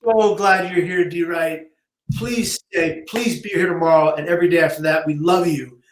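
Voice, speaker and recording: High-voiced man telling his story. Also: moderate pace, roomy sound, slight background noise. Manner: emotional, animated storyteller. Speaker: guest, suicide prevention advocate. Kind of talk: live-streamed interview storytelling.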